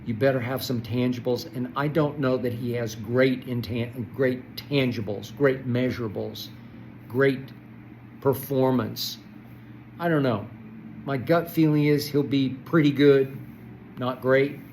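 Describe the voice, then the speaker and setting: An older man hosting a solo sports commentary, ranting with passion and swinging from loud outbursts to soft muttering. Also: mid-range voice, steady tone, a little slow, slight background noise, poor audio. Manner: impassioned, swings between shouting and soft muttering. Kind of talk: solo sports rant to camera.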